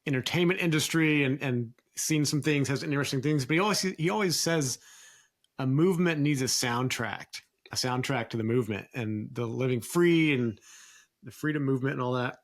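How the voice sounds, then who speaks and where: A man's voice: mid-range voice, brisk. Rambling man co-hosting a podcast. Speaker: podcast co-host. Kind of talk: casual chat.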